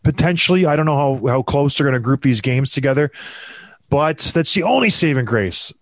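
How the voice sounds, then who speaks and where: Once more the man hosting the hockey talk show vents his frustration, punctuating the commentary with sighs. He speaks in a mid-range voice, animated and brisk, and the audio carries no room sound.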